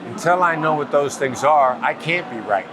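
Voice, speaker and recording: A man being interviewed as a negotiation expert, explaining in a calm, measured, patient way. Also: a little high, background noise. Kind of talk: interview answers. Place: outdoors at a summit event.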